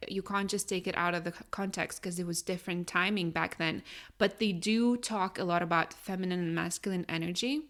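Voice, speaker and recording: A woman's voice: fairly low pitch, fairly bright tone. A woman co-hosting a podcast in casual conversation, chatty and upbeat, peppering her talk with "you know" and "right?", English not her first language. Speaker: podcast co-host.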